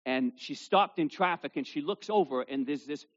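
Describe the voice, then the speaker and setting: A man preaching in a fairly high voice, swinging from loud, punchy scripture reading to quiet, low asides. The sound is dull and lo-fi, as from a modest church recording. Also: moderate pace. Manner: animated, rises loudly for scripture, drops low for asides. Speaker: pastor. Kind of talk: sermon. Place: church service with children present.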